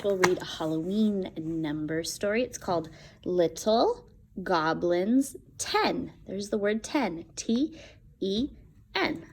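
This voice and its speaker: A woman teacher reads a storybook aloud to little kids, her voice swooping up and down. She takes her time over each page, and her tone is bright and clear. She stops now and then for playful asides. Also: medium pitch. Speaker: kindergarten teacher. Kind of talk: reading a picture book aloud to young children.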